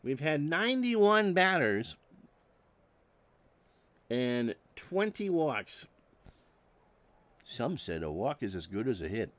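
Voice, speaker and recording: A man doing solo play-by-play of a simulated old baseball game, reading stats with dry jokes and getting loud on big plays. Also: mid-range voice, expressive, moderate pace, hardly any pauses, no echo. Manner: dry joking asides between stats, erupts on big plays. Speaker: play-by-play announcer.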